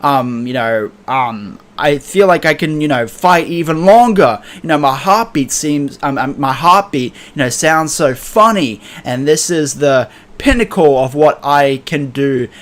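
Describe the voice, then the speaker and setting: A man voicing a cheerful young male pirate hero, stumbling through fillers between loud whoops. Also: a little high, lively intonation, a little slow, few pauses. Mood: exuberant. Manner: hesitant, full of fillers, bursts into whoops.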